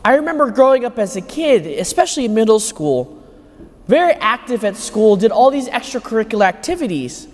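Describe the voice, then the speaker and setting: Preacher with a high, emphatic voice. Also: male voice, big pitch swings, fairly quick. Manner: emphatic, rhetorical questions. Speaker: homilist at Mass. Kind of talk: sermon. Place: large church. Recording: echoey church hall.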